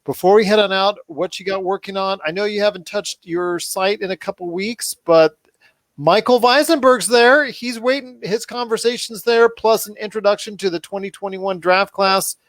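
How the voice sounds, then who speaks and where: A man's voice: sits high, normal speed, a bit bright, dry recording. A man hosting a sports podcast, chatting casually and upbeat with his guest. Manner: upbeat, friendly host banter. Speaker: podcast host. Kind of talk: casual interview chat.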